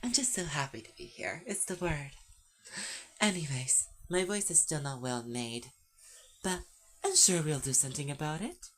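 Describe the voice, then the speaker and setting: A woman voicing a glamorous, sassy trans woman diva who gushes in excited slang. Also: sits low, moderate pace, slight background noise. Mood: gushing.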